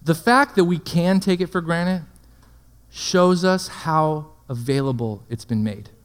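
A man's voice: on the high side, measured pace. A man preaching a sermon, full of rhetorical questions and checking in with his listeners. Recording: long hall reverb.

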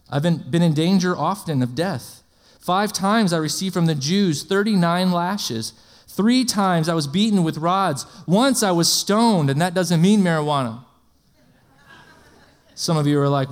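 A man preaching a sermon in an energetic, conversational way, often asking the congregation questions and slipping in jokes. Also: fairly high pitch.

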